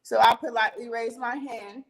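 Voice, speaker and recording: A woman's voice: on the high side, steady tone, normal speed, creaky, poor audio. A young woman animatedly telling a profane story about a fight, acting out the arguments with emphatic, heated delivery. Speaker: reality TV cast member telling a story.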